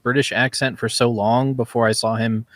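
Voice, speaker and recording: A man of middle pitch joins a casual podcast chat. He gives thoughtful, measured opinions. The sound is dry and close. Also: flat delivery, a bit bright, no echo. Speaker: podcast co-host.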